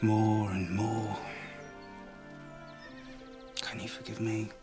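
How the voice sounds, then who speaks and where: An earnest young Victorian husband speaks softly in a level, steady voice. His pitch barely moves. A clear music score plays behind him. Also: extremely slow. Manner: soft, even and earnest. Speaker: actor. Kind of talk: period TV drama acting.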